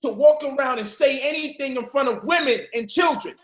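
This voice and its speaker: Brief: man, higher pitch, forceful profane preacher, roomy echo. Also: fairly quick. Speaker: speaker in a debate. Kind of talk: heated discussion.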